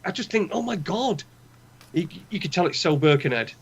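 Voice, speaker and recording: A man's voice: sits high, expressive, normal speed, vocal fry, slightly rough. A man with a Northern English accent co-hosting a podcast, ranting with heavy swearing and strong opinions. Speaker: podcast co-host. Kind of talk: casual chat. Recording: dull lo-fi sound.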